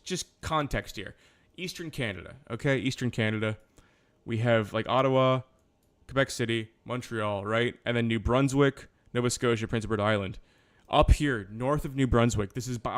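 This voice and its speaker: A man's voice: mid-range voice, normal speed. Man, live-stream chat, rambling, loose, swears, self-correcting.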